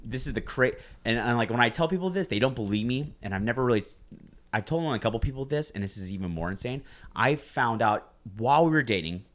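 A man's voice: medium pitch, expressive, fast, fairly bright tone. A man in his twenties casually telling a long personal story to friends, loose and profane, rambling with lots of fillers.

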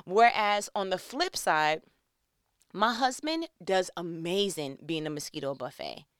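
A woman's voice: lowish voice, expressive, measured pace, clear, resonant tone, no room sound, studio quality. A woman in her thirties giving a casual devotional talk, acting out little scenes in other voices.

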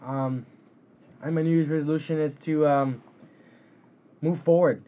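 A man's voice: fairly high pitch, steady tone, moderate pace. A young man co-hosting a casual podcast chat, earnestly giving motivational advice. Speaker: podcast co-host. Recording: dull lo-fi recording with faint noise.

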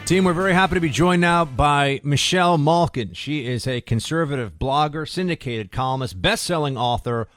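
A man's voice: on the high side, normal speed, hardly any pauses, a bit bright, soft background music. A man hosting a political talk radio show, sarcastic and combative, reading press quotes aloud.

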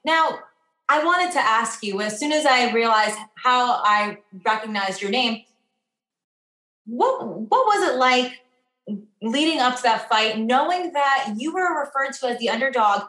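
Woman, interviewer, chatty and expressive, fairly high voice, echoey room. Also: a little slow. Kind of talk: casual interview questions.

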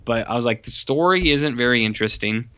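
A man's voice: mid-range voice, expressive, a little fast, bright, forceful tone, clear, resonant tone. A man chatting casually on a podcast, rambling with constant "like"s and blunt, cursing opinions. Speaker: podcast co-host reviewing a movie. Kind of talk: casual chat. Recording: dull lo-fi sound.

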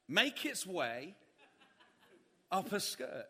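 Man, preacher, animated sermon storytelling, high bright voice, long hall reverb. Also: measured pace. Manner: animated storytelling, acting out panic in high shouts. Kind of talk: sermon with humorous anecdote.

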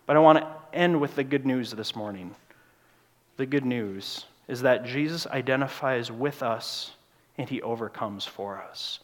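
A pastor preaching a sermon in a church, moving between loud, urgent passages and quiet, hushed ones. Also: male voice, mid-range voice, a little slow. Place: church sanctuary. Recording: long church reverb.

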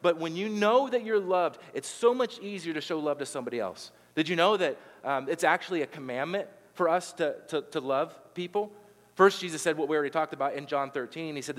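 A man giving a sermon as pastor, moving from loud, emphatic preaching to soft, intimate appeals to the congregation. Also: on the high side, quick pace. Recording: long reverb of a large hall.

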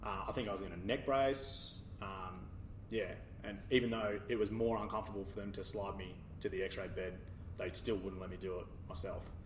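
A man telling a hospital story in casual chat, growing animated and laughing as he goes. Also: low voice, moderate pace. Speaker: podcast guest. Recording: roomy, distant, faint background noise.

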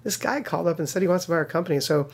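With a fairly high voice, vocal fry, and rapid-fire delivery, this man recounts a story in a casual interview. As co-founder of a game studio, he narrates with liveliness, voicing quoted characters while stumbling through fillers and restarts.

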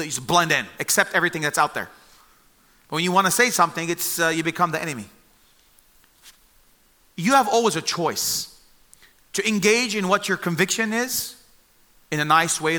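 Bright high-voiced man preaching a sermon. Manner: animated storytelling, acts out voices of the story.

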